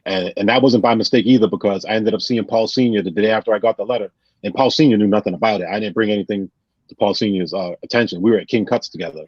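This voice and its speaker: A man's voice: on the low side, fast talker, breathy edge, no echo. A man with a New England accent, a podcast guest telling stories in casual chat and acting out what his friends said. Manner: animated, acts out quotes of friends. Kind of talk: casual storytelling. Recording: dull lo-fi sound.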